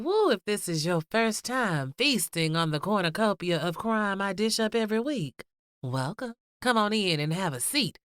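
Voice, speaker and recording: A woman hosts her podcast with sassy, playful energy, her pitch jumping all over as she chats and laughs. Her voice sounds a little stuffy and nasal from the cold. The recording is close and dry, with no room sound around her. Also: fairly bright tone, no echo. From Georgia, US. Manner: sassy, playful, laughs often, drawls endearments. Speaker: podcast host. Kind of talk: casual chatty podcast intro.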